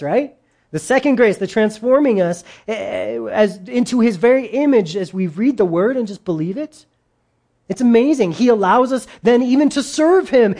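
Lively preacher with jokey asides. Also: mid-range voice. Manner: lively, jokey asides, acts out quotes in put-on voices. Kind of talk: sermon.

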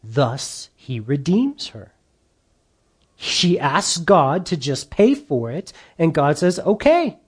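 A man's voice: fairly high pitch, darkish tone. A man preaching a sermon as a pastor, telling stories and giving emphatic points. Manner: storytelling with quoted voices, emphatic.

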